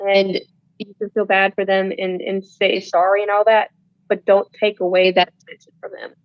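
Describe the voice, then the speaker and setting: A woman's voice: medium pitch, flat delivery, normal speed, dry recording, poor audio. A young woman speaks as a podcast guest, earnest and candid. She circles back and restarts often. The room sound is dry and close. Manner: earnest, repetitive, with restarts and "like" fillers. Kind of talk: candid conversational advice.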